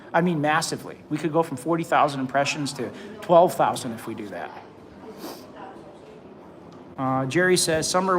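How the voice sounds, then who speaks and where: A man's voice: on the high side, fairly bright tone, poor audio. A man in his forties hosting a casual livestream, reading viewer comments aloud and rambling with frequent restarts and repeated words. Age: 40s. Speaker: livestream host.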